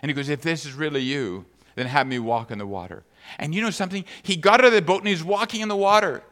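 A man's voice: on the high side, fast, fairly bright tone, long reverb tail. A man preaching a sermon as pastor, reading scripture aloud and then speaking conversationally to the congregation.

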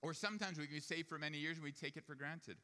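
Male preacher, storytelling sermon, bright forceful tone, long hall echo. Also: a little high, rapid-fire. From Jewish family upbringing. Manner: storytelling, rising to emphatic preaching.

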